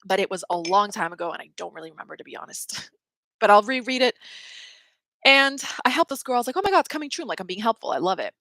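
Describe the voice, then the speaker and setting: A woman's voice: on the low side, pushed and bright, no room sound. A woman hosting a livestream, telling a rambling story in casual chat, full of "like" and laughing between words. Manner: chatty, rambling, heavy use of "like"; laughs mid-sentence while storytelling. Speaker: livestream host.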